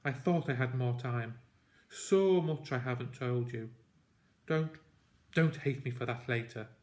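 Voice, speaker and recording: A grim, dying father and hunter from a storybook, giving stern commands in short, breathless bursts. A man voices him close to his own pitch. His words come slow and heavy. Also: a little mellow, close to an everyday voice. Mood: regretful.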